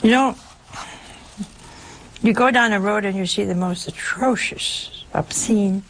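A woman's voice: medium pitch, a little slow, fairly bright tone, a little hiss or hum. An older woman giving a conversational sermon, emphatic and full of rhetorical questions. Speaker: preacher.

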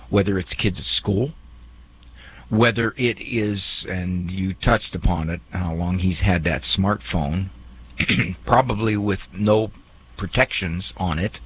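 A man's voice: lowish voice, fairly bright tone, slightly rough. A man hosting a call-in advice show, talking fatherly and directly to a worried caller and acting out what people might say. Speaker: radio advice host.

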